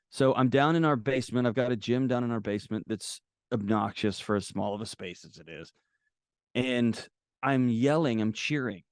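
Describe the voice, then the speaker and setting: A man's voice: medium pitch, a little mellow, clean tone, no echo. Man telling stories candidly, acts out quotes, dry close mic. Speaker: guest author. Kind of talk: casual conversational storytelling.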